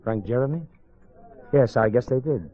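A man's voice: mid-range voice, normal speed, close to an everyday voice. An actor playing a courteous, easygoing wealthy man who is suspected of murder, in 1940s radio drama style. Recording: muffled 1940s radio broadcast.

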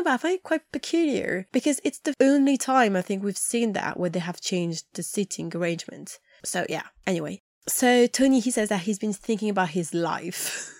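A woman's voice: mid-range voice, no echo, clean studio sound. A woman chatting casually as a podcast host, animatedly retelling scenes and acting out lines. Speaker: podcast host recapping a TV episode. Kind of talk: casual chat.

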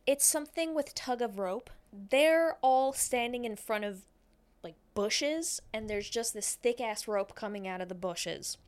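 Slangy woman recapping a movie, higher voice. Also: animated, a little slow. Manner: slangy, profane plot retelling; rambling, self-correcting. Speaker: podcast co-host recapping a film. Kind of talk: casual chat.

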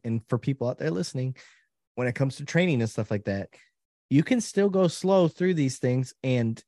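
Animated middle-aged male storyteller, dry close mic. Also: no echo. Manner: animated storyteller, acts out quotes with pitch jumps and trailing restarts. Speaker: podcast guest. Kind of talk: casual storytelling.

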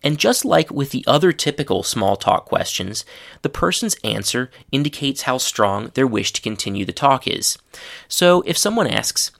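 Man, English teacher, gravelly voice, clear explanatory narration, acts out example phrases. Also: mid-range voice, sing-song, moderate pace, fairly bright tone. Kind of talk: scripted lesson narration.

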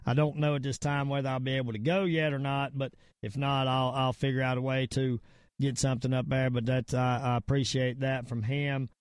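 A man's voice: medium pitch, little pitch movement, brisk, clear, resonant tone, no room sound, studio quality. A middle-aged man with a Southern US accent, hosting a podcast and ranting in a rambling, emphatic way with repeated words. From Virginia / North Carolina area, US. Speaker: podcast host. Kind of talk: casual podcast rant and sign-off.

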